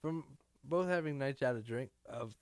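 A man's voice: medium pitch, moderate pace, dry recording, studio quality. A tired man co-hosting a podcast with a morning voice, rambling and trailing off in casual chat. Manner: rambling, self-deprecating, trails off. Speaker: podcast co-host. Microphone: studio microphone.

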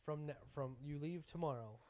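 Brief: American comedian, male, loose profane banter, pitch a touch high. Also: normal speed, darkish tone, dry recording. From United States. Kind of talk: casual chat.

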